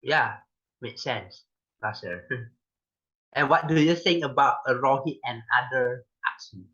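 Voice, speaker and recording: A man's voice: medium pitch, measured pace, bright, forceful tone. A man asking short, easygoing questions in a casual video call conversation. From Indonesia. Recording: dull lo-fi call audio.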